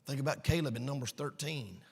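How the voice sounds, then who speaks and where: A man preaching a sermon, emphatic and storytelling, swinging between shouts and hushed asides. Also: medium pitch, brisk, gravelly, big-room sound, very noisy. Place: church sanctuary.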